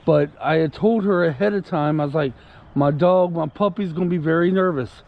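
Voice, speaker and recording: Tinny audio captures a man with a fairly high, creaky, narrow voice speaking at a moderate pace. He vlogs casually while walking his puppy outdoors, rambling to the camera, repeating himself and soothing the dog.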